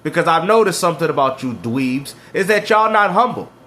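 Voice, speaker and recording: A man's voice: a little high, animated, a little fast, sharp tone, slight background noise. A man reacting to clips and ranting about video games, mocking and slangy, laughing at his rivals. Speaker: gaming commentator.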